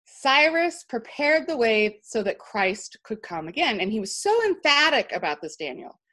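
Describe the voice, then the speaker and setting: Interview guest, female, slightly high voice, animated storyteller who restarts often. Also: moderate pace. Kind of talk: storytelling in conversation.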